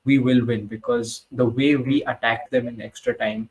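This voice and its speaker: A man co-hosting a casual football match-reaction chat, blunt and sweary and animated. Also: medium pitch, normal speed, low-quality recording. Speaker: football podcast co-host.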